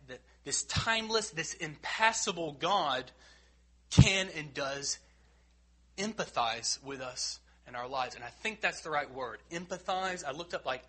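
A man preaching a sermon in an earnest, emphatic way, rising loud and dropping quiet. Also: fairly high pitch, husky.

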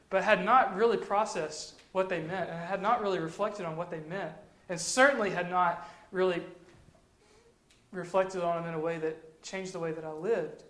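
A man's voice: sits high, a bit bright. A man giving casual devotional teaching, talking in a conversational way and repeating phrases for emphasis. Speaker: Christian teacher. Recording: echoey room.

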